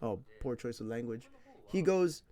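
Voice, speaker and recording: A man's voice: medium pitch, normal speed, no room sound. A man from California who teaches English, telling stories casually in a slangy, laughing way. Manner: slangy, laughing, animated retelling. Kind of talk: casual storytelling.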